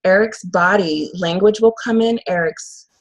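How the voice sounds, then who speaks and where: A woman working as a medium, talking in a casual, earnest and halting way with frequent fillers. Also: mid-range voice, rough recording. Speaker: channeling medium. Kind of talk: casual conversation.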